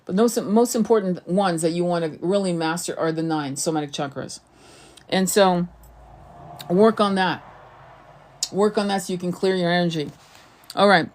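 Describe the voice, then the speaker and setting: A woman's voice: lowish voice, normal speed, long pauses, darkish tone. A woman talking to her viewers as a spiritual coach and tarot reader, earnest and rambling, often repeating words as she restarts her sentences. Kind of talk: casual spiritual teaching monologue.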